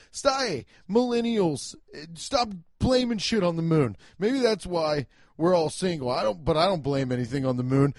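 A young man hosting a casual solo podcast, talking loudly and emphatically, swearing and poking fun at himself. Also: a little high, no room sound, studio quality. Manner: loud, emphatic, swearing, self-mocking. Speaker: podcast host. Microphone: home podcast mic.

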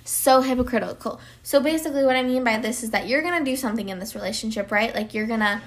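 A woman's voice: fairly high pitch, fairly even intonation, rapid-fire. A young woman hosting her own podcast, talking casually and rambling with many fillers and restarts. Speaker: podcast host. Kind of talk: casual solo podcast talk.

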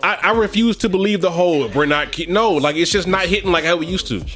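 A man co-hosting a podcast in casual chat, excitable and quick to rap along with the tracks. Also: high voice. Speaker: podcast co-host. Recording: loud hip hop music playing behind.

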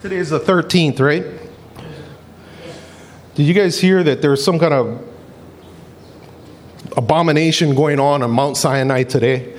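Animated male preacher, slightly high voice. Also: a little slow, pauses often, a little hiss or hum. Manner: animated, acts out quoted voices; repeats and restarts phrases. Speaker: pastor. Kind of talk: sermon.

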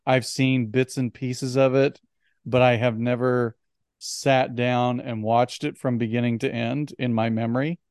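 Rich: A man co-hosting a casual film podcast, talking in a smooth, resonant voice. The sound is dry and close, with no room around it. He is animated and often stumbles and restarts his words. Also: mid-range voice, a little slow, dry recording. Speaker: podcast co-host.

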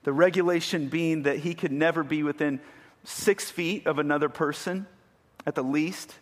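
A man's voice: on the high side, steady tone, moderate pace. A man preaching a sermon, retelling a story vividly and building to emphatic peaks. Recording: long hall reverb.

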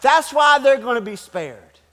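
Preacher playing a petulant grown prophet, whiny and loud, very high voice, long hall reverb. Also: male voice, animated, unhurried, soft background music, full character voice. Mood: whining complaint. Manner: whiny, complaining, self-justifying. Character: sulking angry grown male prophet. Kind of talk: acted quote in a sermon.

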